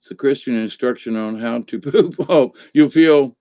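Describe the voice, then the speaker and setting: A man's voice: mid-range voice, moderate pace, warm tone, no echo, highs cut off. A middle-aged man hosting a Catholic channel in a rambling, jokey livestream chat, cackling with laughter often.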